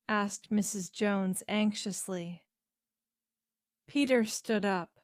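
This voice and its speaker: A woman reads a simple learner's story aloud, taking it very slowly and pronouncing each word clearly. Her voice sits in a middle range and sounds close and dry, with no room around it. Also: mid-range voice, steady tone, dry recording. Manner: slow, clear, deliberate reading for learners. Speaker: narrator. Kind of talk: graded reader story narration.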